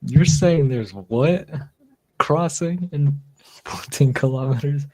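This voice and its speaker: A man's voice: on the high side, slow pace, darkish tone, voice pushed up. A man doing a shocked Australian bloke. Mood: astonished. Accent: Australian, put on. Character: startled shouting Australian man from a viral video.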